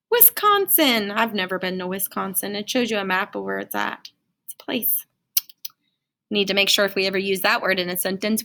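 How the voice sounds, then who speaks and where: A woman's voice: medium pitch, creaky, bright, forceful tone. A woman teaching a phonics lesson to children in a singsong, encouraging way. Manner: singsong, encouraging, talks to young learners.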